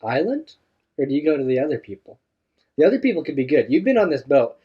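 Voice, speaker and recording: A man's voice: a little high, very animated, fast talker, husky. A male co-host in casual chat, playfully walking a guest through an imagined adventure. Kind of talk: casual chat, narrating a made-up scenario. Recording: dull lo-fi sound.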